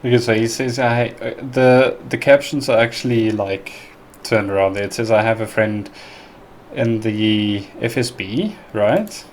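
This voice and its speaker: A man's voice: mid-range voice, flat delivery, normal speed, a little hiss or hum. A man from South Africa with a South African accent, casually reacting to and translating clips with a chatty, hesitant manner. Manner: chatty, hesitant, laughs easily. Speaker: reaction video host.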